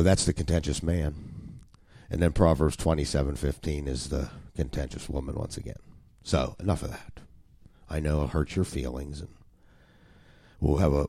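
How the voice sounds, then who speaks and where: A man's voice: extremely low pitch, darkish tone, no echo, studio quality. A man preaching an expository sermon, emphatic and wry, with sudden jumps in emphasis.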